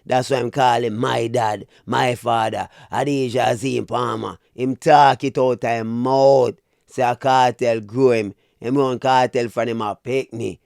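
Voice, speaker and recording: A man with a Jamaican accent and a creaky, medium-pitched voice speaks unhurriedly, recorded in clean studio sound with no room sound. As a vlogger, he offers opinionated commentary straight to his viewers, animated and preachy, calling them "people".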